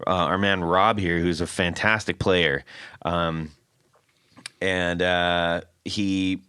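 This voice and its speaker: A man's voice: deep voice, little pitch movement, takes it slowly, pushed and bright, smooth, no echo, studio quality. A man hosting a casual guitar podcast, rambling and correcting himself as he jokes with his co-hosts. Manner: rambling, self-correcting, jokey. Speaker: podcast host. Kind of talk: casual chat.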